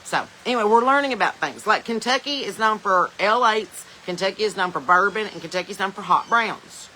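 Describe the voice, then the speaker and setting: A Southern American woman hosts a casual livestream chat from her phone, joking and laughing as she reads viewer comments. Her voice is bright and forward, with a faint hiss behind it. She talks in loose, drawling asides. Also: medium pitch, animated, fairly quick, low-quality recording. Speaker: podcast host.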